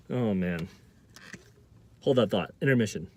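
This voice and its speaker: A man's voice: fairly low pitch, animated, slow, noisy background. A man vlogger telling a personal story to camera, often stammering and repeating words.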